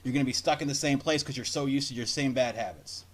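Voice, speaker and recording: A man's voice: mid-range voice, quick pace. A man co-hosting a casual chat, telling a rambling story full of swearing and acted-out quotes. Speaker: podcast co-host.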